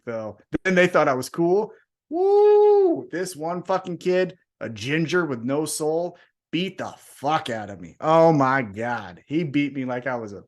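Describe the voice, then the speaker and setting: A man co-hosting a wrestling podcast, telling a long story in a loose, profane way and acting out the people in it. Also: medium pitch. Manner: animated, profane, acts out voices in the story. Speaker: podcast co-host.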